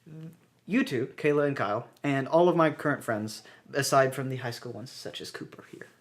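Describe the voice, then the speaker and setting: A man's voice: mid-range voice, a little fast. A young man from the southern United States, co-hosting a podcast in casual chat and telling self-deprecating stories with plenty of laughs. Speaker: podcast co-host.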